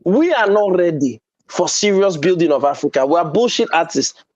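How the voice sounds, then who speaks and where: A man's voice: sits high, animated, moderate pace. A man, hosting a heated panel debate, emphatic and provocative, sometimes slipping into pidgin. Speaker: host. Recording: dull lo-fi sound.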